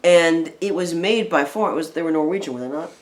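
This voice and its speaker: A woman co-hosting a casual film review chat, retelling the plot in a rambling, animated way full of fillers. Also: deep voice, fast.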